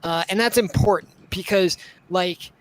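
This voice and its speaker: A man's voice: sits high, a little slow, low-quality recording. A young man co-hosting a casual live-stream discussion, rambling with lots of filler words. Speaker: podcast co-host.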